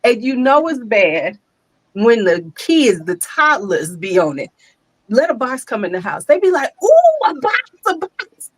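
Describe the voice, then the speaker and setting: An older woman, hosting a casual chat and telling lively stories, laughing often and acting out quotes. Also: medium pitch, unhurried, husky, dry recording. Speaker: host.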